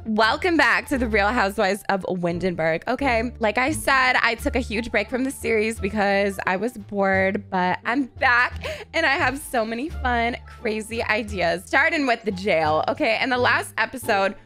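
A woman's voice: a little high, expressive, moderate pace, pushed and bright, faint music behind. A young woman hosting her gaming channel, giving brash, profane let's-play commentary.

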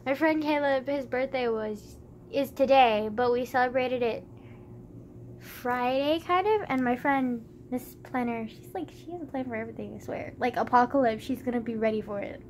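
A young woman with a high voice talks straight to camera in a loose, rambling way. She giggles often and fills her sentences with "like" and "um". Faint room ambience sits under her voice. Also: normal speed, slight background noise. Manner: rambling, giggly, many fillers. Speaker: vlogger. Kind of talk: casual chat to camera.

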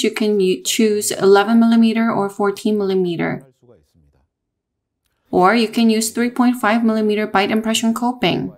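A woman narrating a technical dental lesson in a measured, explanatory way, with small restarts. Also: mid-range voice. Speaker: dental lecturer.

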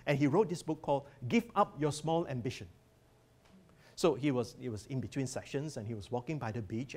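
Man, workshop lecture, earnest, emphatic, mid-pitched voice. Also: darkish tone. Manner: earnest, emphatic, guides listeners through slides. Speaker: workshop presenter, professor of Christian education.

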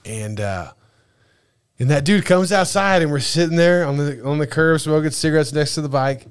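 Profane, animated storytelling man. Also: on the high side, normal speed, smooth. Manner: animated, profane, acts out dialogue. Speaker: podcast guest. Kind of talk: casual storytelling.

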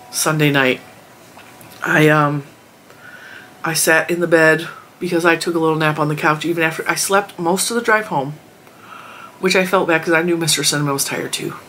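A woman's voice: low-pitched, a bit bright, slight background noise. A woman vlogger rambling casually about her week and her crochet projects. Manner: chatty, rambling storytelling. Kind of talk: casual chat.

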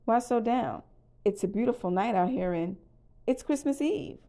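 Lady doing a peppy space toy guy, encouraging, a bit higher than her normal voice. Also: lively intonation, normal speed, dark tone. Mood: upbeat. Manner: cheery and encouraging. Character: space ranger toy, man, upbeat leader.

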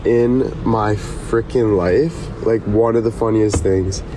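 Young man, from Canada, rambling live-stream chat, joking, lots of fillers, fairly low voice, street traffic clearly behind. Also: fairly even intonation, slow.

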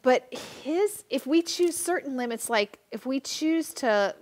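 A woman host chats enthusiastically, words tumbling out with plenty of fillers. Her voice sits a little high. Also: animated, a little mellow. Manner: enthusiastic, quick with many fillers. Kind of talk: casual interview chat.

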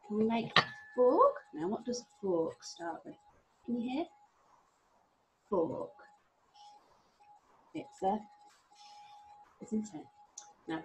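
A middle-aged woman leads a phonics lesson for small children, her voice swooping up and down as she sounds out each letter. There is a gravelly edge to her tone, and faint noise sits under the recording. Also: fairly high pitch. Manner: slow, sing-song and encouraging, sounding out letters. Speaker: primary school teacher.

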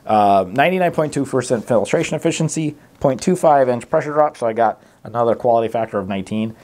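A man's voice: medium pitch, expressive, fast talker, a little mellow. Rambling man reviewing masks to camera. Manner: rambling, self-correcting, many fillers; reads out test figures plainly. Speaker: mask tester reviewing products. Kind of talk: casual product review to camera.

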